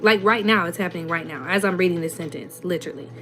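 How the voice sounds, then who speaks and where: A woman's voice: lowish voice, fast, sharp tone, soft background music. Sassy Southern woman in her twenties. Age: 20s. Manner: blunt, sassy, rhetorical questions. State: runny nose. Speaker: host reading and answering comments. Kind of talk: casual livestream chat.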